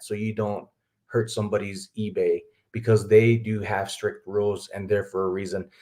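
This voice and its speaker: A man's voice: fairly low pitch, darkish tone. Chatty rambling man on a live stream. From Texas. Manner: rambling, chatty, laughs often, talks to viewers as folks. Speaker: livestream host, reseller. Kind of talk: casual live-stream chat.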